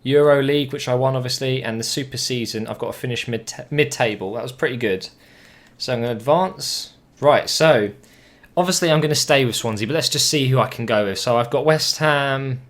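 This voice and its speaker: Excitable young man gaming. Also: mid-range voice, fairly quick. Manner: excitable, swearing, frustrated outbursts. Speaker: gaming commentator. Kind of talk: casual game commentary.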